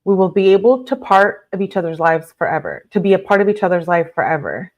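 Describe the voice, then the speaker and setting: A woman's voice: fairly low pitch, animated, fast, narrow, tinny audio. Outraged woman reading aloud live. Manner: reads aloud then reacts with blunt outrage, filler-heavy. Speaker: livestream host reading court documents. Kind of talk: casual live commentary.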